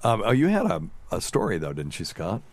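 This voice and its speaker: A man's voice: on the low side, huge pitch swings, brisk. A man hosting a casual podcast as a doctor, telling loose, chatty stories and laughing often.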